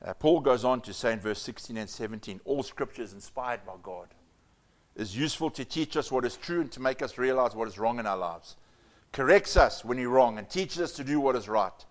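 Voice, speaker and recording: A man preaching a sermon, moving from loud emphatic lines to hushed, almost whispered asides. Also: mid-range voice, animated, fairly quick. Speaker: pastor.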